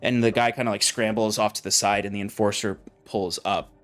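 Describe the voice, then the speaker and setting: A man narrating as game master, describing scenes in a relaxed way with fillers. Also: on the low side, fairly quick.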